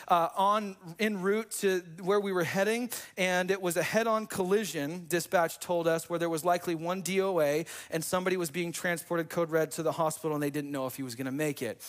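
A male pastor preaching a sermon, telling personal stories in an energetic, conversational way with jokey asides to the congregation. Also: sits high. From US Pacific Northwest.

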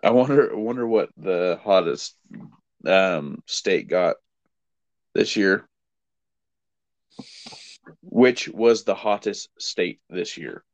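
A man's voice: sits low, expressive, takes it slowly, long pauses, no room sound. A man co-hosting a podcast in casual chat, blunt and profane, hedging often. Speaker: podcast co-host.

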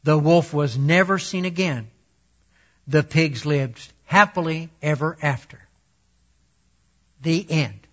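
A man reading a children's story aloud in a slightly raised voice. He speaks very slowly and deliberately, taking each sentence in turn. The recording has a dull, lo-fi sound. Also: on the high side, a bit bright. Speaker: storyteller and Bible teacher.

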